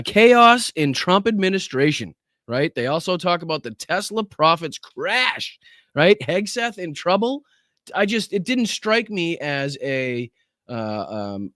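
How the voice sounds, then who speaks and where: A man's voice: medium pitch, dry recording, studio quality. A man hosting a political podcast livestream, talking casually and sarcastically, swearing and thanking viewers by name. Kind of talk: livestream commentary.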